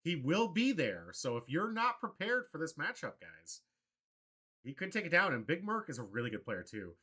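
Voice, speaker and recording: A man hosting a casual card-game livestream, excitable and prone to loud mock rants. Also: on the high side, normal speed, husky. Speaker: livestream host.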